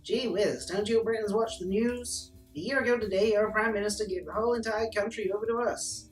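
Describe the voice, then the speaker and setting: A man's voice: high-pitched, fairly even intonation, fairly quick, lightly acted. Man doing a swaggering cowboy governor, folksy and boastful, roomy and distant, music behind. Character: brash cowboy-style American governor, self-important. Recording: roomy, distant sound under background music.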